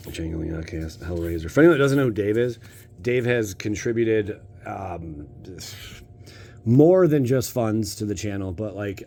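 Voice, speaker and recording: An American man with a fairly low voice riffs playfully through a casual pack-opening session. He jokes and talks straight to his viewers. A faint hiss sits under the recording. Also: a little mellow. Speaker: channel host opening card packs.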